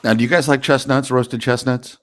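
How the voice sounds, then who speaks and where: A man's voice: medium pitch, fairly even intonation, a little fast, fairly bright tone, a little hiss or hum. A man chatting as a guest commentator at a casual watch party, wry and opinionated, teasing the others.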